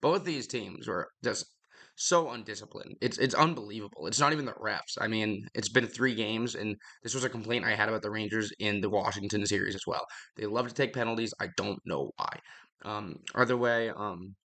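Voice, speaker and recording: A man's voice: lowish voice, a little fast, vocal fry, sharp tone. A young man hosting a podcast, rambling bluntly through casual hockey commentary, out of breath and swearing freely. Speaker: podcast host.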